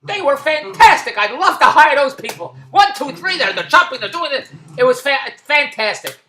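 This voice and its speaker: A man vlogging about his day at a shopping mall, rambling and repetitive, breaking into loud plugs for his business. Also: extremely high pitch, animated, normal speed, echoey room, a little hiss or hum. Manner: repetitive, tangential, with loud self-promoting plugs. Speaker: vlogger and online business owner. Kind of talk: rambling casual vlog.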